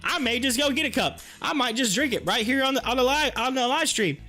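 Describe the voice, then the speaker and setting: A man hosting a live stock-market stream, chatting excitably with his viewers and reading their comments aloud. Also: very high voice, fairly quick, soft background music.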